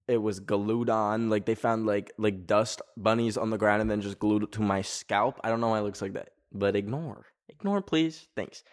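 A man hosting a podcast from his garage, chatting casually and reading listener stories in an expressive voice with sudden jumps up in pitch. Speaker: podcast host. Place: hot garage.

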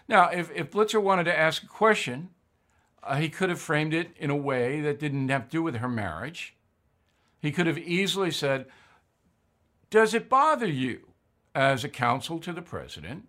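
A man's voice: a little high, pushed and bright. An older man hosting a commentary show, blunt and opinionated, reading ads and giving his views with emphatic repetition.

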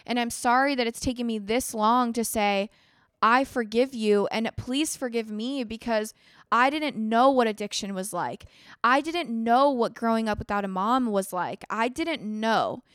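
A woman's voice: a little high, normal speed, clean tone, dry recording, clean studio sound. A woman hosting a podcast, talking earnestly in a rambling personal monologue, full of "like" and restarts. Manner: earnest, rambling, heavy use of "like". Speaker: podcast host.

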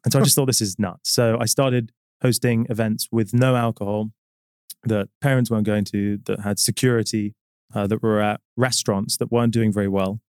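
A man with a British accent talks on a podcast, his voice sitting low and close to a dry microphone. He tells his stories in a measured, reflective way, pausing often and softening points with fillers. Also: steady tone, clear, resonant tone, no echo. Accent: British English. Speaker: guest, business executive. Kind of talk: casual interview chat.

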